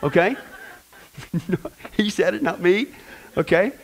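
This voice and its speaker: A man preaching a church teaching sermon as pastor, lively and full of joking asides to the congregation. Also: high-pitched, slow pace, gravelly, slight background noise, poor audio.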